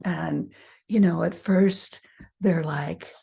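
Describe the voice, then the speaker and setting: Middle-aged woman, low gravelly voice, husky, reading her booklet and chatting. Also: warm tone. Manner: chatty, laughs at herself, acts out quick voices. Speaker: human design teacher. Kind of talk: reading her booklet aloud with casual asides.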